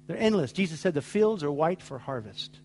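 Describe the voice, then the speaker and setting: A man's voice: on the high side, expressive, fairly quick, a little mellow. A middle-aged man preaching a sermon, telling stories with acted-out dialogue in an emphatic way. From United States. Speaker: pastor.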